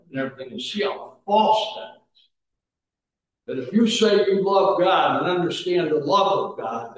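Man preaching in an echoey church. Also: a little high. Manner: preachy, swings from soft asides to raised exhortation. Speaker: pastor. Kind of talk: sermon. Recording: echoey room, mic at a distance.

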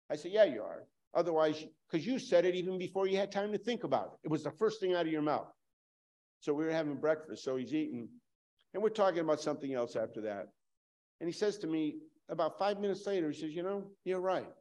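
Emphatic preaching man, rather high voice. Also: expressive, a little fast. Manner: emphatic, repeats for stress, swings from loud to hushed. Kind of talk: sermon.

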